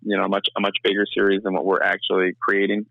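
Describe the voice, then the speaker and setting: A young man giving a casual interview, talking fast in a rambling way full of restarts. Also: low voice, monotone, gravelly, no room sound, phone-quality sound. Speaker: filmmaker and actor, interview guest.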